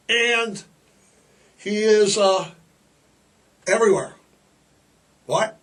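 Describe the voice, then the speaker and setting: A man in his sixties hosting a podcast, talking in a rambling, jokey way with heavy sarcasm and drawn-out emphasis. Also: high-pitched, expressive, fairly bright tone, distant mic. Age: 60s. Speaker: podcast host. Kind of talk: rambling casual monologue.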